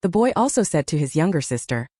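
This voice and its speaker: A woman narrating a translated novel as an audiobook, in a steady storytelling delivery. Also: low voice, fast talker, no room sound, clean studio sound.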